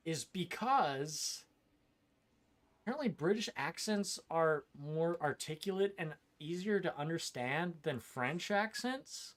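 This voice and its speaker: Profane, opinionated gaming streamer man. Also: on the high side. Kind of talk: casual gameplay commentary.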